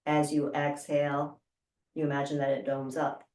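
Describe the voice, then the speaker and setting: A woman instructor calmly guiding a breathing exercise with slow, measured cues. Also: sits low. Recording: roomy sound from a distance.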